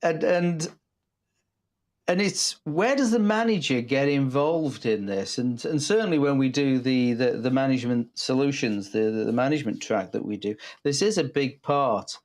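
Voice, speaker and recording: A man's voice: medium pitch, lively intonation. Middle-aged man co-host, stop-start delivery with dry wit, talks like he's chatting with mates. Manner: halting, repeats words, dry humor. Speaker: co-host, business trainer. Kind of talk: casual live-stream chat. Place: office.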